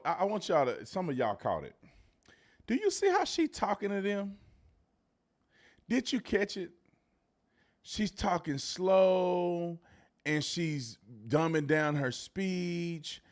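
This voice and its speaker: A man hosting a live political commentary show, talking in a mocking, slangy way that swings between loud outbursts and low muttered asides.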